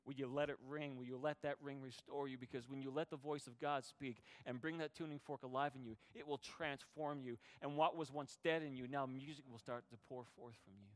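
A pastor preaching a sermon, earnest and personal, often repeating and restarting phrases, then building into a fervent prayer. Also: male voice, mid-range voice, big-room sound. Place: church sanctuary.

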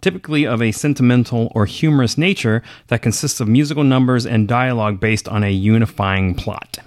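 A podcast co-host chats casually, swearing now and then. His mid-range voice is a little mellow and fairly quick, captured in a dry, clean studio recording.

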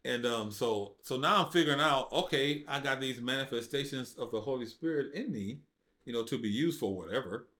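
A man telling his faith testimony as a podcast guest, in casual, informal speech, acting out quotes with big swings in his voice. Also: brisk. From United States. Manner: animated storyteller, acts out quotes with big jumps in pitch; informal speech with dropped verbs. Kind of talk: casual storytelling conversation.

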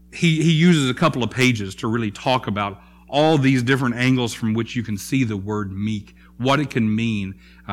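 Male pastor, sermon, conversational, halting, many fillers and restarts. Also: mid-range voice.

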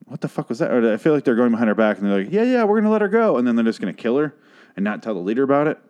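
A man's voice: mid-range voice, rapid-fire, darkish tone, lo-fi sound. A man hosting a podcast, recapping a TV episode in a rambling, sarcastic, profane way. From Phoenix, Arizona, USA. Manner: rambling, sarcastic, swears a lot. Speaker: podcast host.

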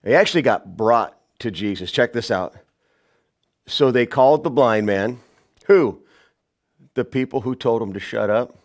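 A pastor preaching a sermon, shouting some lines and dropping to a hushed voice on others. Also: male voice, expressive, a little slow, pauses often. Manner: dynamic preaching, swings from loud shouts to hushed low lines.

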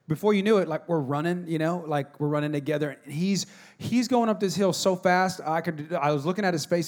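A pastor in his thirties gives a sermon in a noticeably high voice. He tells stories in a quiet, hushed tone and then rises into loud, exhorting calls to the congregation. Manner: storytelling, swings from soft and hushed to loud and exhorting.

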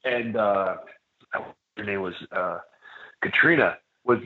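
This wrestler speaks slowly in a fairly low voice as a guest on a casual podcast. His long story wanders, packed with fillers and restarts, and the recording sounds echoey and lo-fi, as if over a phone.

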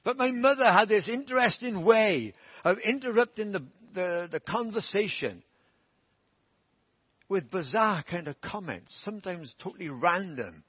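Middle-aged preacher telling funny stories; husky, fairly high voice. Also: male voice, expressive, measured pace, no echo. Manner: humorous, self-deprecating anecdotes. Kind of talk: storytelling sermon. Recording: dull dry church sermon recording.

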